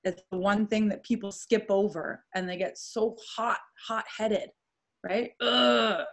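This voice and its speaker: A woman's voice: medium pitch, fairly even intonation, a little slow. A woman co-host speaking in an earnest, emphatic way in a casual motivational chat. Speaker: podcast co-host.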